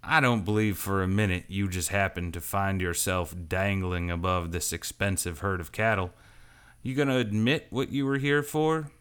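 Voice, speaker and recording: A man voicing a swaggering woman outlaw leader who talks in a slow, teasing frontier drawl. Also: sits low, fairly bright tone, smooth. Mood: chiding.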